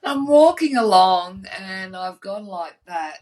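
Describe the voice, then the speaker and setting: A woman's voice: mid-range voice, expressive, takes it slowly, a little mellow, low-quality recording. An Australian woman co-hosting a podcast, telling blunt, cheeky stories in a casual chat over a video call. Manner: chatty storyteller, blunt and cheeky. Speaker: podcast co-host.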